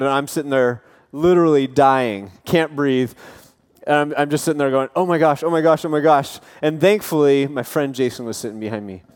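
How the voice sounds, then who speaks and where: In a church auditorium, a man in his thirties who serves as a campus pastor delivers a sermon that's earnest yet casual. He leans on personal stories and gentle self-deprecating humor, speaking in a clean, mid-range voice.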